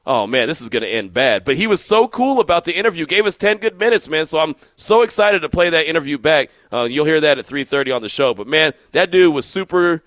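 A man hosting a sports radio show, telling stories in an animated way and acting out the quotes. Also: fairly high pitch, quick pace, hardly any pauses, dry recording. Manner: animated storyteller, acts out quotes. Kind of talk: casual sports radio talk.

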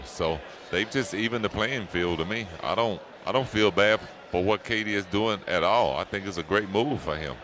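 A man, a former basketball player, giving plainspoken, relaxed opinions in an interview clip recorded outdoors. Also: sits low. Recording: outdoor clip with faint city noise.

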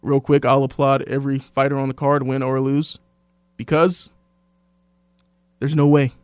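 A man hosting a casual sports podcast, telling stories and quoting others in lively voices. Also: mid-range voice, normal speed, clean tone, dry recording, clean studio sound. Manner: animated storyteller, quotes others in voices. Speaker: sports radio host.

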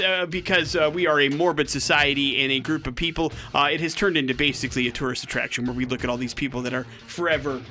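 Man, young, morning radio host, fairly high voice, energetic and joking, faint music behind. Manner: energetic, joking, talks listeners through a contest. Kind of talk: casual radio banter.

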